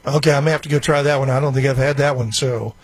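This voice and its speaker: A man's voice: mid-range voice, steady tone, fast talker, slightly rough, no echo. A man hosting a radio call-in show, chatting easily with callers. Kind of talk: casual call-in chat.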